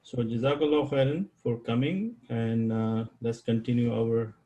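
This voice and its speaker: Patient teacher repeating each term. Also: male voice, medium pitch, steady tone, moderate pace, dark tone, muffled recording. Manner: patient, repeats key terms and quizzes students. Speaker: Arabic grammar teacher. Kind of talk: live online class lecture.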